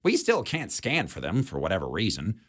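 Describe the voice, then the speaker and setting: A man's voice: on the low side, huge pitch swings, normal speed, a bit bright, full character voice. A man voicing a blunt, jaded female security chief who smokes and talks in a dry, sardonic way.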